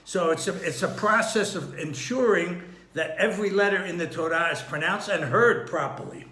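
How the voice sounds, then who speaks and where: A man giving an unhurried Torah study lesson, thinking aloud with frequent restarts and throat-clearing. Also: high-pitched, bright, forceful tone, echoey room. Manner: clears his throat often. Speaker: Torah teacher.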